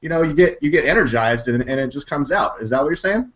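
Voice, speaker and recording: Male co-host, halting and repetitive, casual; dull lo-fi sound. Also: on the high side, lively intonation, fairly bright tone. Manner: halting, repeats words while thinking. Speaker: show co-host. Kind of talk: casual talk-show chat.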